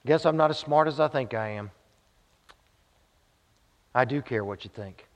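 A man's voice: mid-range voice, measured pace. A male pastor preaching a sermon, telling a story and returning to short repeated refrains for emphasis. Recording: dull sound with long hall reverb.

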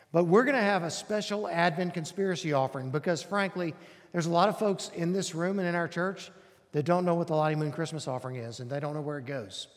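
A man, a pastor making an earnest, inviting announcement to his congregation in a church sanctuary. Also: high voice. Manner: earnest, inviting, emphatic repetition. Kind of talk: announcement from the pulpit. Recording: long hall reverb.

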